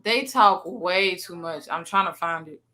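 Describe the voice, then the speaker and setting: A woman's voice: fairly low pitch, a little slow, over loud music. A woman YouTuber commenting on clips she plays, incredulous and sarcastic, repeating her points for emphasis.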